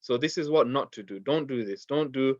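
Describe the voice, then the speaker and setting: Male recitation teacher: steady, repeats each step, mid pitch, dry and slightly muffled audio. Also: a little fast, dry recording. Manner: patient, repeats steps, recites verses in Arabic. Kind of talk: online class lesson.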